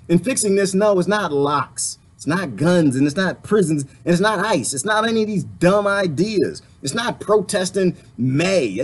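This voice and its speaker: A man's voice: high-pitched, lively intonation, moderate pace, few pauses, slightly rough. A man delivering an impassioned political rant to camera, full of rhetorical questions and mild swearing. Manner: emphatic, rhetorical questions, swearing, laughs often. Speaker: vlogger.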